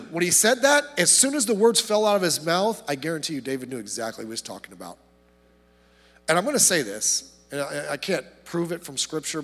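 Male pastor, high voice, impassioned sermon delivery, recorded in a reverberant church. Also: gravelly, breathy edge. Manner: impassioned preaching, swings from loud to hushed, frequent repetitions.

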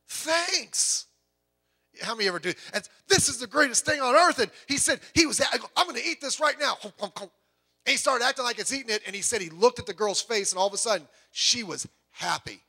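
This man delivers a sermon as pastor with lots of animation, tripping over restarts and acting out quotations. His volume lurches from loud bursts down to soft, low asides.

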